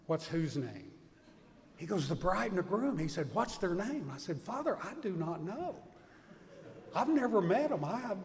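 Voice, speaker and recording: A man delivers a homily as a lively anecdote, acting out the other voices in quoted back-and-forth. His voice sits a little high. A long reverb from a large hall trails his words. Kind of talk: storytelling homily.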